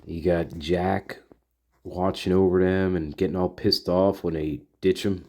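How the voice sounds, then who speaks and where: Low, dark-voiced man thinking aloud. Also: steady tone, measured pace. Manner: rambling, repeats himself, thinks aloud; talks straight to his listeners. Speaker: podcast host. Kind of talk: casual monologue.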